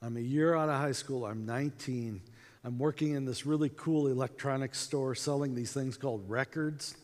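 A man giving a storytelling talk to a conference audience, acting out dialogue in an animated way, with reverb from a hall. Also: mid-range voice, moderate pace. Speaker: conference speaker.

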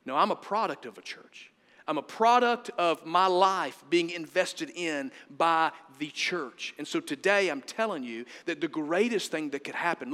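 A middle-aged man preaching a sermon as pastor, emphatic, swinging between loud and hushed. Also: a little high. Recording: long hall reverb.

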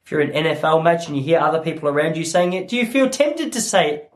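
A stand-up in his thirties riffs alone on his podcast. His voice sits a touch high and leaps up and down with animated energy. He is self-mocking and loose, and he drops in little character voices. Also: fast talker. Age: 30s. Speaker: comedian and podcast host. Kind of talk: solo comedy podcast monologue.

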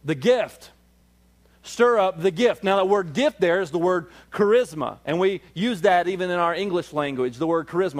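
A man preaching a sermon as a pastor, rising in pitch and force on emphatic calls and slowing down to explain scripture.

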